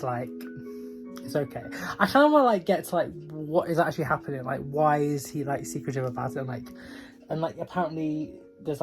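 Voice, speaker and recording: Man, book vlogger, giggly and rambling, low-key casual delivery. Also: a little mellow. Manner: giggly, laughs often, many "like" fillers. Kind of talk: casual reading update.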